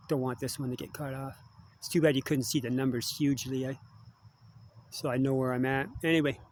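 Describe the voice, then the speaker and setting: Older guy rambling on, chatty, keeps saying eh, faint noise behind. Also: mid-range voice. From Canada. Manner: chatty, digressive, frequent tag questions. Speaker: musician vlogger. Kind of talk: rambling casual monologue.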